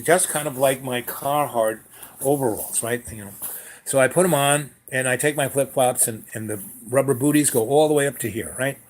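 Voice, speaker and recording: An older man telling a long personal story in a meandering way, full of fillers and asides. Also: mid-range voice. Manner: meandering, full of "you know" and "um". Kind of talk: rambling personal anecdote.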